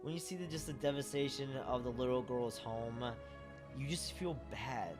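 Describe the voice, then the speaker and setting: Man rambling in an excited fan vlog, fillers and swearing, soft music behind. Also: mid-range voice, normal speed. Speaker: fan sharing memories. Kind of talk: casual monologue vlog.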